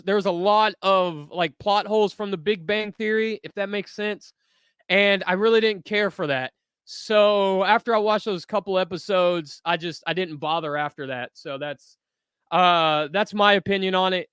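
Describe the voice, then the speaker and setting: A man hosting a toy channel livestream, reading viewer comments aloud and giving candid, relaxed opinions with lots of fillers. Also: sits high, smooth, no room sound, studio quality. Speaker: toy review channel host.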